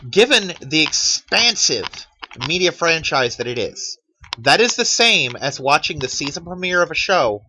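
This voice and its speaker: A man in his thirties rants with a lively, swooping delivery and a bright, forceful edge to his voice. He swears freely and slips into sarcastic mock quotes. Faint keyboard clicks sit behind him. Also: on the high side, slight background noise, rough recording. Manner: profane, animated ranting with sarcastic mock quotes. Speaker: channel host. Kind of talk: ranting monologue.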